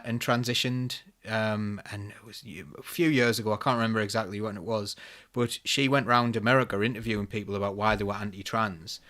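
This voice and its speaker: A man's voice: fairly low pitch, a bit bright. A man on a casual online panel, talking conversationally and hesitantly, with many fillers as he recalls something.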